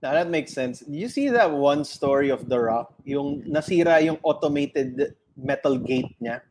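A man with a Filipino accent, co-hosting a casual podcast chat, swearing often and telling animated stories. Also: a little high, moderate pace, a little hiss or hum. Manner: swears a lot, animated storytelling. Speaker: podcast co-host.

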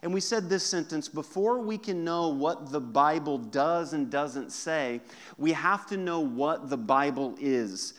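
A man preaching a sermon as pastor to his congregation, lively and joking with the listeners. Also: fairly high pitch, unhurried. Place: church service.

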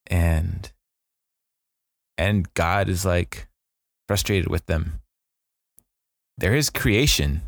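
Man, low-ish gravelly voice, slow and deliberate; reflective conversational partner. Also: no room sound, clean studio sound. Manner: slow, thoughtful, restarts as he reasons aloud. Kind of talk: casual discussion of scripture.

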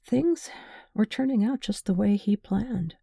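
A woman reading a novel aloud in measured, wry scripted narration. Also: mid-range voice, gravelly, mellow, dry recording, clean studio sound. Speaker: audiobook narrator.

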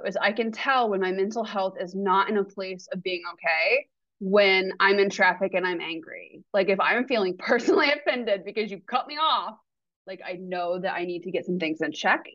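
A woman's voice: medium pitch, no room sound. A woman guest talking candidly and with animation in a casual podcast conversation, swearing now and then. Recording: slightly muffled, dry.

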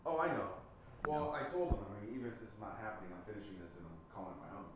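A man's voice: on the low side, expressive, racing, heavy reverb, very noisy. A man co-hosting a casual podcast over a call, answering in a laid-back, dry way. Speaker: podcast co-host. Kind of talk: casual chat.

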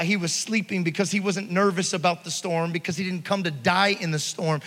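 A man preaching a sermon, telling stories and swinging between hushed passages and loud, stirring ones. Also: high voice. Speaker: pastor. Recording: hall reverb.

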